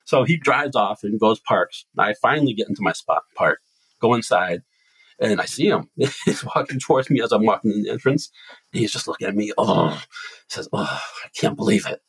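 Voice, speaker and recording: A man from Massachusetts hosting a podcast, telling a long story in animated casual chat. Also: fairly low pitch, fairly quick, breathy edge, no room sound, rough recording. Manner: rambling animated storytelling with restarts.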